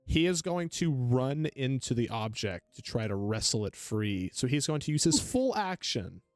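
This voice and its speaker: A man running a tabletop game as game master, talking haltingly with many fillers. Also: medium pitch, big pitch swings, dry recording, faint music behind.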